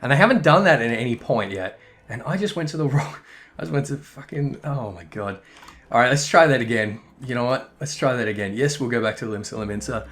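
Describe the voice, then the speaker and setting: A man's voice: mid-range voice, expressive, fairly quick, fairly bright tone. A man giving casual, rambling gameplay commentary, swearing and correcting himself as he goes. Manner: rambling, profane, self-correcting. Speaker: game commentator.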